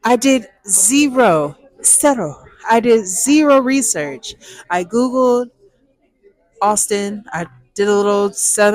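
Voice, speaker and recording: A young woman, telling a personal story to viewers in a lively, chatty way. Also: medium pitch, slow, no echo. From Texas, USA. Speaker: storytime vlogger.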